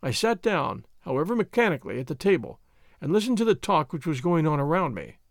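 Expressive male audiobook narrator. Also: fairly high pitch, a little fast, creaky, dry recording, studio quality.

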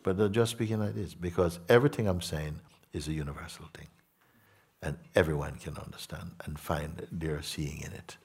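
Husky, low-voiced man teaching softly. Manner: slow, soft-spoken, repeats words. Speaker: spiritual teacher. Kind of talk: spiritual talk to listeners.

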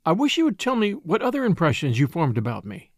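A man's voice: a little high, wildly swooping pitch, quick pace, no echo, studio quality, heavily acted. A man reading aloud, voicing a wealthy, spoiled young woman who is restless and distressed and talks in an eager, pleading way.

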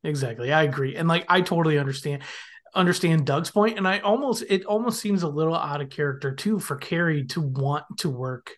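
Animated podcast host recapping with laughs. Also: mid-range voice, a little fast. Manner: animated, laughs often, acts out quoted lines. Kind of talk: casual chat, episode recap.

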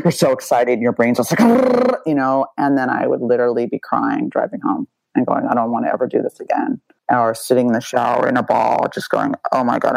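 Middle-aged American woman, memoir author as interview guest; gravelly, dry, close sound; blunt, swears, jokes at herself. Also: rumbling low, darkish tone, no room sound, rough recording. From United States. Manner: blunt, self-mocking, swears freely. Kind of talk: candid interview talk.

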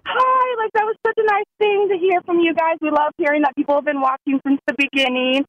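A woman voicing a bubbly, very friendly TV actress in a retold story, with a high, gushing voice. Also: steady tone, brisk, dull audio, a little hiss or hum.

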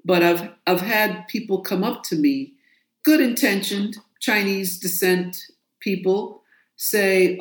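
A woman's voice: on the low side, slow. A woman from New York, an author and guest in an interview, telling her story in a forthright, emphatic way. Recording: roomy echo.

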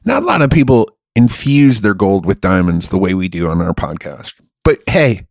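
A man's voice: deep voice, big pitch swings, moderate pace, gravelly, few pauses, darkish tone, dry recording, studio quality. Profane, joking man on a podcast. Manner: joking, profane, laughs a lot. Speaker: podcast co-host. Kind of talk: casual comedic chat.

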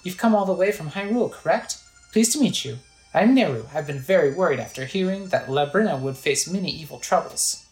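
A woman reading the lines of a polite, worried young singer in a video game in a gently raised voice. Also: low voice, expressive, a little fast, echoey room, faint music behind, pitched above the performer's own voice, rough recording.

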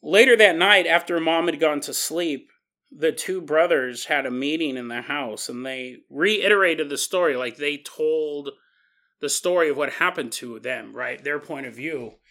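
A man hosting a podcast and telling a paranormal story in a lively, conversational way. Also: fairly high pitch, unhurried. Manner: animated, conversational retelling. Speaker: podcast host.

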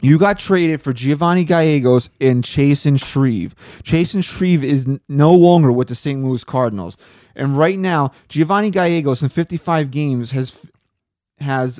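A man's voice: fairly high pitch, a little slow, darkish tone, dry recording, clean studio sound. A man co-hosting a sports podcast, ranting in casual, profane chat about his team's players. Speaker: podcast co-host.

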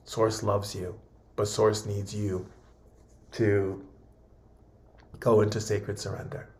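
A man's voice: fairly low pitch, flat delivery, takes it slowly, creaky, darkish tone. A man giving a spiritual talk as a teacher, speaking in flowing, repetitive, soothing phrases.

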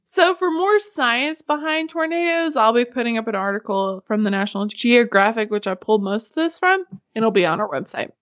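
Woman, podcast host, casual chat, giggly, slightly high pitch, lo-fi sound. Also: animated, a little fast, few pauses, a bit bright. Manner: chatty and giggly, swears casually.

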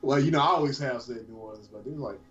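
A man from the US South chatting casually as a podcast co-host, relaxed and joking. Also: medium pitch, fast talker, a loud crowd. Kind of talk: casual chat. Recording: dull lo-fi sound with faint ambient noise.

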